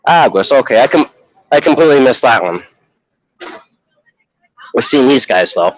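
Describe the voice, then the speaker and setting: A man's voice: mid-range voice, animated, normal speed, dry recording. A man chatting casually on a walking livestream at an outdoor festival, laughing often and slipping into mock voices for his stories. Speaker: streamer. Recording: dull lo-fi livestream audio.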